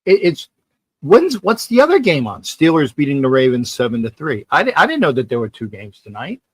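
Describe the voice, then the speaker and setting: A man's voice: a little high, huge pitch swings, a little fast, breathy edge, dry recording. A man hosting a live sports talk stream, chatting casually and reading viewer comments, rambling and often repeating himself. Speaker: sports talk livestream host.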